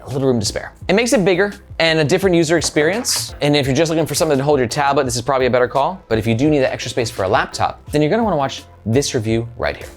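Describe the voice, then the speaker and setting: A man's voice: on the high side, expressive, very fast, hardly any pauses, faint music behind. A young man hosting a casual bag review, upbeat, slangy and chatty.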